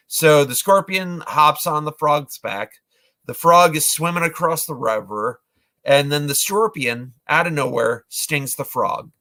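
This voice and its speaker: Bright-voiced rambling man in his forties. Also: on the high side, a little slow. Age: 40s. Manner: rambling, with many fillers and restarts. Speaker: vlogger, movie reviewer. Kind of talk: casual retelling of films.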